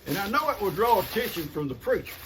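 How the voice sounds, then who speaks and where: Older man, folksy and rambling, high and lively voice, noisy home recording. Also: fast talker. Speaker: vlogger opening gifts. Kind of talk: casual chat to viewers.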